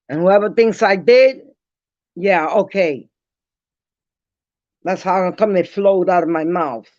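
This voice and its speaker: A woman ranting bluntly to her viewers in a casual vlog, defiant and dropping quick apologies. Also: lowish voice, darkish tone, dry recording. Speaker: vlogger. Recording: dull lo-fi dry sound.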